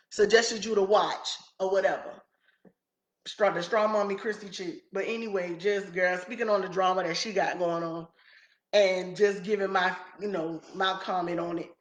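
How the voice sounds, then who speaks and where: A woman's voice: mid-range voice, a bit bright. Woman, vlogger, emphatic ranting commentary, roomy echo. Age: adult mother. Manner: emphatic, ranting, repeats herself. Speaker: YouTube vlogger. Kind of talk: casual reaction commentary.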